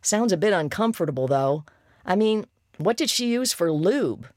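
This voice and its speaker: A reader voicing a nosy, teasing young woman friend in an audiobook, with a gravelly, eager, high-pitched delivery. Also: expressive, moderate pace, a little mellow, no room sound, studio quality, natural voice. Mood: excited teasing. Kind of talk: audiobook character voice.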